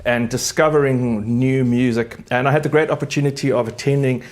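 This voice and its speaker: A man's voice: mid-range voice, steady tone, brisk. A middle-aged man from Africa, a concert pianist chatting casually between pieces about the music and his memories. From South Africa. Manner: warm, chatty, reminiscing, with gentle restarts. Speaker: concert pianist hosting a live concert.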